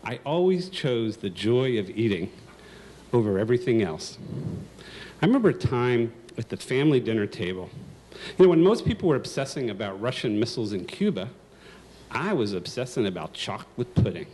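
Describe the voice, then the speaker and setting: A man's voice: medium pitch, sing-song, moderate pace, long pauses, a little mellow, slight background noise. A man in his sixties telling a comic, self-mocking story live on stage.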